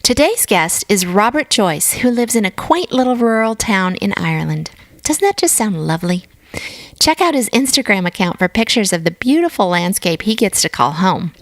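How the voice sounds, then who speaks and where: A woman's voice: mid-range voice, lively intonation, normal speed, no echo. A woman hosting a podcast interview, chatty and upbeat. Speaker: podcast host.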